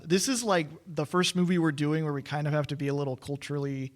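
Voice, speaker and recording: A man's voice: a little high, fairly even intonation, fast. Chatty man co-hosting a podcast. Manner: joking, rambling with restarts. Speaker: podcast co-host. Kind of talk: casual chat.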